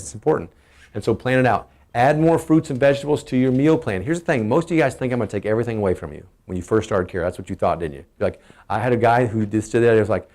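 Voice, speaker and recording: Brief: middle-aged Texan man, punchy wellness talk, keeps throwing questions at the listener. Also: mid-range voice. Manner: energetic, emphatic, asks the audience questions. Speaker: chiropractor giving family health talk. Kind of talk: casual health talk to patients.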